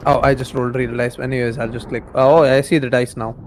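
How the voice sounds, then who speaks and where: Hesitant, stumbling tabletop player. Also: male voice, medium pitch, little pitch movement, fast, a little hiss or hum, rough recording. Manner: hesitant, repeats words. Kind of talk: casual game chat.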